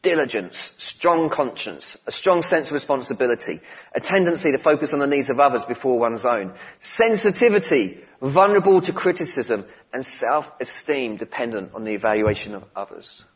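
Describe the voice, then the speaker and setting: A husky-voiced man preaches a sermon in a relaxed, conversational manner, with gentle humour and asides to the congregation. His voice is pitched in an ordinary middle range. The recording sounds a little dull and muffled. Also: normal speed.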